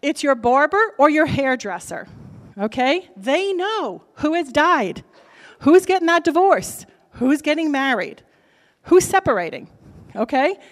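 A woman with a New Jersey accent, a lender giving a lively, direct seminar talk to a convention crowd and checking in with the audience as she goes. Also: sits high, unhurried, in a large hall. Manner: brassy, direct, keeps checking in with "okay?". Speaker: lender speaking at a real estate convention. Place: large convention hall.

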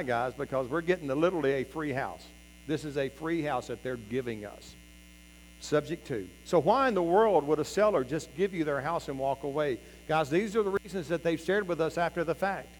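Male presenter working a seminar crowd, emphatic, a bit high-voiced, hall reverb with a faint hum. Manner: emphatic, keeps addressing the audience as "guys". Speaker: real estate seminar presenter. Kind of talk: live seminar teaching. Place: meeting room before a live audience.

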